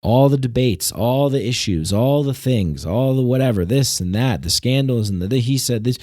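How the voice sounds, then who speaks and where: A man's voice: mid-range voice, expressive, normal speed, dark tone, dry recording, clean studio sound. A man hosting a podcast, talking alone in a long sarcastic, ranting monologue that is full of swearing. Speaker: podcast host. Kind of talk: solo monologue.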